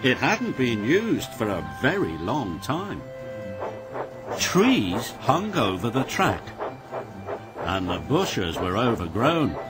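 Slow, sing-song male storyteller. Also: mid-range voice. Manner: sing-song, expressive reading. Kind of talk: children's storybook narration. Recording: music playing behind.

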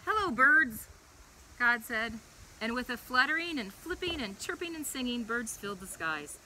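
A young woman leading a preschool chapel, reading a Bible story to young children in a playful, animated way. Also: fairly high pitch, a little slow, a little hiss or hum, poor audio.

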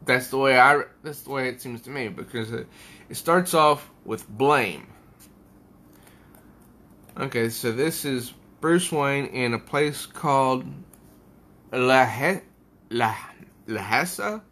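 A man's voice: mid-range voice, slow pace, pauses often, pushed and bright. A man giving a casual comic book review at home, rambling and thinking aloud as he pages through an issue.

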